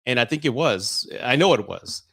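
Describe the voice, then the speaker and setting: A man's voice: medium pitch, expressive, normal speed, gravelly, fairly bright tone, husky. A middle-aged man hosting a live stream, chatting openly and heartfelt, rambling with many restarts. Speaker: YouTube host answering live chat. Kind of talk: casual live-stream chat.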